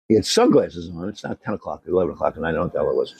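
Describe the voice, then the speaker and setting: A man's voice: low-pitched, expressive, very fast, creaky, few pauses, darkish tone, breathy edge. An older man co-hosting a podcast, telling rambling anecdotes in casual chat and swearing often. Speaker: podcast co-host.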